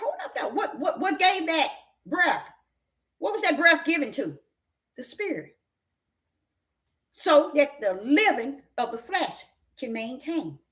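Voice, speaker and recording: Woman preacher, high and lively voice, folksy, emphatic, questioning the congregation. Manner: emphatic, repetitive, questioning the listeners; folksy, with breaks into laughter. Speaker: prophetess preaching. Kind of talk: sermon.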